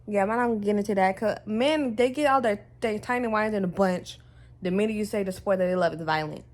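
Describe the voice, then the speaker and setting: A woman's voice: mid-range voice, brisk, a little mellow. A woman from the United States talking at home in a casual opinion vlog, emphatic and blunt, swearing freely and rambling with lots of fillers. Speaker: vlogger.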